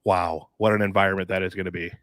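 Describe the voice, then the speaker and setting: An upbeat man co-hosts a sports podcast in a low voice. His sound is dry and close to the mic, with no room echo. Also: little pitch movement, fast, fairly bright tone. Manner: enthusiastic, says dude and mm-hmm. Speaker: podcast co-host. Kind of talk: casual sports chat.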